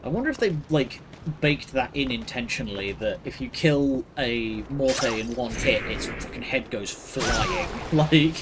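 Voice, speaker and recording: A man's voice: medium pitch, wildly swooping pitch, measured pace, background noise. A man giving casual, sardonic commentary while streaming a game. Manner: dry, sardonic, wandering. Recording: voice over loud game music.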